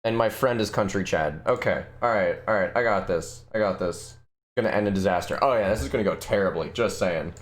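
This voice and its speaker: A man's voice: fairly low pitch, fairly quick. A man streaming a game live, chatting casually with viewers and rambling through their requests. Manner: rambling, answers chat requests, restarts sentences. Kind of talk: casual live-stream chat while gaming.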